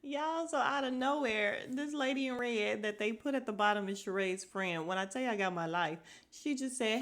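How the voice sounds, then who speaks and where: A woman hosting a casual podcast, recapping reality TV in an animated, gossipy way and laughing often. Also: a little high, moderate pace, hardly any pauses. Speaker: podcast host.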